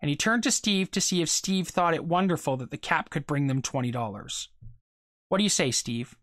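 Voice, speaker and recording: Reader going through a short story, mid pitch, little slips, dry sound. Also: a little fast, dry recording. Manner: steady storytelling with small stumbles and repeated words. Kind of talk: reading a short story aloud.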